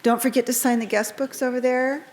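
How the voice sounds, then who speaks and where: A woman making a brisk, upbeat closing announcement at a reception. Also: fairly high pitch, fairly even intonation, darkish tone.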